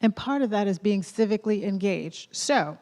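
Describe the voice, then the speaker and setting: A woman with a Southern accent speaks at a lectern in a large theater, and her voice rings with long reverb. She talks in a loose, chatty way, encouraging the crowd, and she builds to loud rallying questions. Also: mid-range voice, lively intonation, normal speed. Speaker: college president. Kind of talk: off-script welcome speech.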